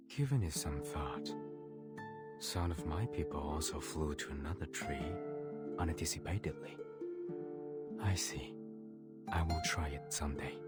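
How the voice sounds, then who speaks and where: A man voicing a reclusive male game character with a Chinese accent, slow, formal and detached. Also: very deep voice.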